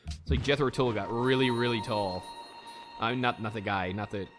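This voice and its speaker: Guy doing let's play commentary, goofy and rambly, talks to the game, sings bits here and there, normal pitched voice. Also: brisk, music in the background. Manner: breaks into goofy voices and song snippets. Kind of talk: casual gameplay commentary.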